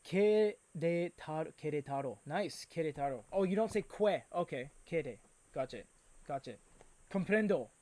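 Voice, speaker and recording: A man hosting a live stream, chatting casually and reading out viewer comments with excitable energy. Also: a little high. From Canada. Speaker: livestream host.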